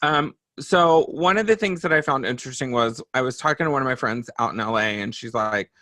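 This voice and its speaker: A woman comedian hosting a casual interview, chatting in a relaxed way. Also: rumbling low, brisk, hardly any pauses, no room sound, clean studio sound.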